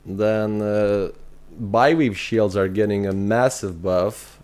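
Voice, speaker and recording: A man's voice: on the low side, fairly even intonation, takes it slowly, darkish tone. A man with an Irish accent chatting casually on a game live stream, answering viewers and thinking aloud with fillers. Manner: reads chat messages aloud and answers viewers.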